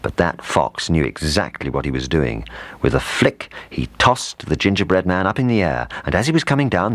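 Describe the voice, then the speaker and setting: A man reading a children's storybook aloud with expressive, lively intonation. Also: a bass voice, no echo.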